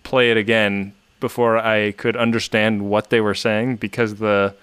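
A man co-hosting a podcast, talking in a hesitant, halting way. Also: fairly low pitch, little pitch movement, fairly bright tone, smooth, dry recording. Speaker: podcast co-host. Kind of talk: casual chat.

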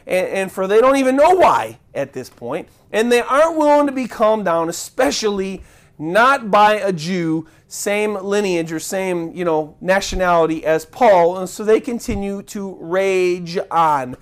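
A man preaching a sermon as pastor, animated and conversational, acting out crowd voices and chants, with frequent restarts and asides to the congregation. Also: high-pitched, a little slow.

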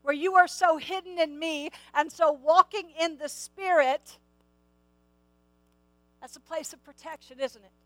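A woman's voice: very high voice, a little slow, long pauses, no room sound, rough recording. A middle-aged woman preaching a sermon, emphatic, repeating key phrases and asking the listeners questions.

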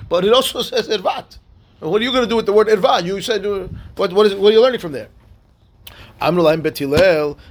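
A man, a rabbi teaching a daily Talmud class, reads Hebrew and Aramaic text and explains it in conversational English, often checking in with "right?" and "okay?". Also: high voice.

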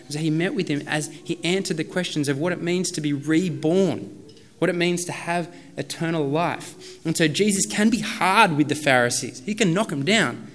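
A man's voice: on the high side, slight background noise. A man in his thirties preaching a sermon as a pastor, in a casual, conversational way with many fillers.

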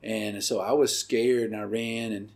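With a fairly low, rather flat voice and vocal fry, a middle-aged man hosting a podcast gives his personal testimony. He is earnest and halting, with many pauses and fillers.

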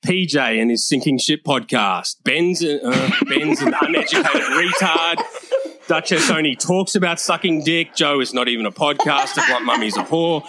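A man's voice: a little high, expressive, moderate pace, pushed and bright. A man delivering a crude, brash comedy roast monologue, mocking and profane.

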